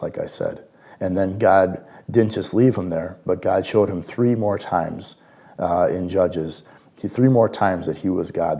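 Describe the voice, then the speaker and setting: Man, low and warm, worship leader giving a gentle devotional talk. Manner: gentle, reflective, with hushed quiet passages.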